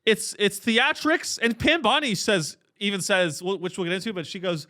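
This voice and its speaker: A man's voice: sits high, normal speed, few pauses, pushed and bright, no room sound. A man hosting a comedy podcast, delivering a profane, ironic, rambling rant with many restarts into a close mic. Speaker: podcast host.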